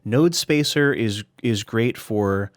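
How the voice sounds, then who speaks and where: A man casually talking through his game mods in a relaxed, chatty way, with fillers and restarts, a little out of breath at times. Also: on the low side, slow pace, no echo, clean studio sound. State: slightly out of breath. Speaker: gaming YouTuber. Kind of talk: casual screen-recorded tutorial commentary.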